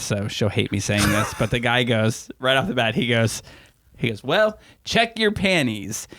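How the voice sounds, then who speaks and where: A man's voice: mid-range voice, fairly bright tone, no echo, studio quality. A man co-hosting a podcast in casual chat, rambling with many fillers and laughing often. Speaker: podcast co-host.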